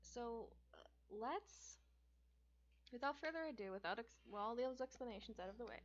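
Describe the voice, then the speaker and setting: A woman's voice: on the high side, expressive, normal speed. A young woman casually reading a book aloud, chatty and jokey, who often stumbles and corrects herself. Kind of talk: casual read-aloud with asides. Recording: dull lo-fi recording.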